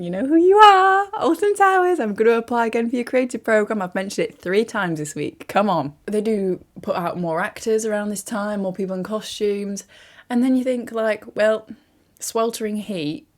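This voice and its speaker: A young woman, talking through a casual vlog in a chatty, animated way with self-mocking asides. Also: medium pitch. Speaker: YouTuber.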